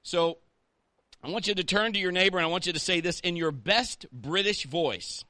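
A man's voice: sits high, moderate pace, pushed and bright, no room sound, clean studio sound. A man, a pastor, preaching a sermon in a conversational way and rallying the congregation with call-outs.

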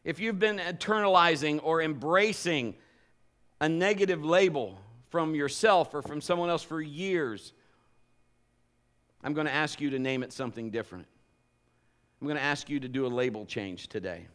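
A man's voice: a little high, moderate pace. A male pastor preaching a sermon and telling stories with humor and energy. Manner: animated, humorous storytelling.

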